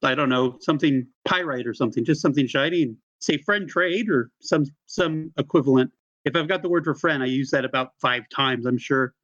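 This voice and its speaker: A man's voice: mid-range voice, fairly quick, fairly bright tone. Man, tabletop player, eager rambling talk, muffled lo-fi sound. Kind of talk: tabletop role-play chat.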